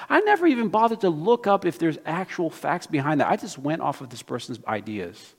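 A man preaching a sermon as pastor, with an emphatic, animated delivery and many rhetorical questions. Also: on the high side, brisk, few pauses. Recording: long hall reverb.

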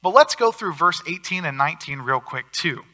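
A man preaching a sermon as pastor, earnest, with swings in loudness for emphasis. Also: on the high side, lively intonation, moderate pace.

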